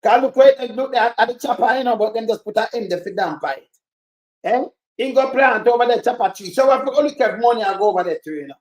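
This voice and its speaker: Jamaican man, casual stream host, high voice, roomy echo, patois banter. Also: fast, darkish tone. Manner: greets viewers by name, mocking banter in patois. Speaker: live-stream commentator. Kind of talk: casual live-stream chat.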